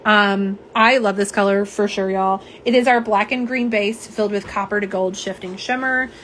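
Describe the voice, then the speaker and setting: A woman's voice: medium pitch, fairly even intonation, normal speed, a bit bright, slight background noise. A woman hosting a live nail polish unboxing, chatting casually and reading viewer comments aloud. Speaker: nail polish livestream host. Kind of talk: live unboxing and swatching chat.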